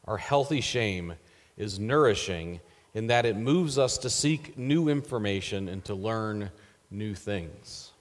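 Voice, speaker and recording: A man preaching a sermon as pastor, earnest and measured, letting his phrase endings trail off softly. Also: lowish voice, animated, long reverb tail.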